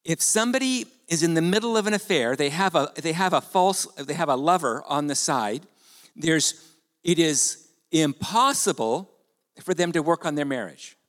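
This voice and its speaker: Brief: man preaching in a church hall, raised pitch, very lively intonation, conversational sermon style, echoing sanctuary. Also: moderate pace. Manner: animated, conversational preaching with rhetorical questions. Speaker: pastor. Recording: long hall reverb.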